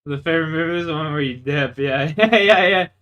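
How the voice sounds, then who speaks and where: Young male streamer, higher voice, bright and forceful, crude boastful rambler. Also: a little fast. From Canada. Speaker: gaming livestreamer. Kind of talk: casual storytelling chat.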